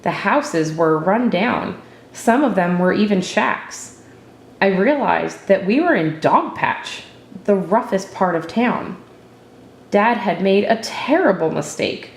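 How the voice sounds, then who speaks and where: A woman narrating a story in the first person, with a steady, reflective storytelling manner, recorded in an echoey room. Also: medium pitch, slow, creaky. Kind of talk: storybook reading.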